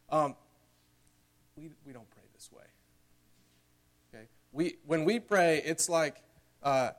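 A young man with a fairly high voice preaches a sermon in a casual, earnest style. He keeps checking in with "okay?" and "right?" and reads scripture and mock prayers dramatically.

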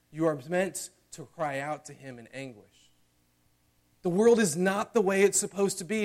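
A young man preaching a sermon in a casual, earnest way, often checking in with "okay?" and "right?", and reading scripture and mock prayers dramatically. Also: high voice.

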